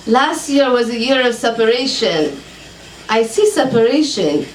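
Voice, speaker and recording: A woman's voice: fairly high pitch, very animated, measured pace, pitched above the performer's own voice. A woman voicing a brusque older female psychic with a put-on Hebrew accent and clipped broken grammar. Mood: stern. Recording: echoey room, far mic, faint hum.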